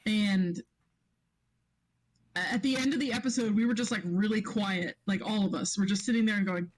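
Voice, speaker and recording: A woman's voice: medium pitch, normal speed, rough recording. A woman guest on a casual podcast chat, a game master who rambles through her stories with many restarts and laughs.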